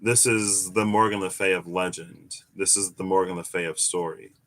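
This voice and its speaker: A young man giving a casual, musing tarot reading, animated at times with sudden high exclamations. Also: moderate pace. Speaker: tarot reader. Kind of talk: casual reflective monologue.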